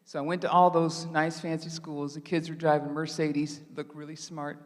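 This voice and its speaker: An older woman in her sixties delivers a storytelling sermon, lively and quick to laugh as she acts out old conversations. Her voice carries through a big church sanctuary with a long, ringing reverb. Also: sits low. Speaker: guest preacher.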